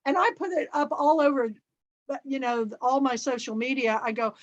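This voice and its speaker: A middle-aged woman from Kansas hosting a club chat, telling a story in a lively, chatty way over a video call. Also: sits high, moderate pace. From Kansas, USA. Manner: chatty, lively storyteller who acts out dialogue. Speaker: book and film club host. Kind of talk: casual chat with anecdotes. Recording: dull, muffled audio.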